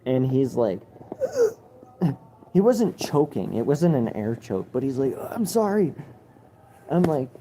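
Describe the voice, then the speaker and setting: A man's voice: mid-range voice, wildly swooping pitch, slow, pauses often, mellow, slight background noise. A man livestreaming, telling a story in casual chat and reading viewer comments, blunt and swearing a lot. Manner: blunt, heavy swearing, rambling.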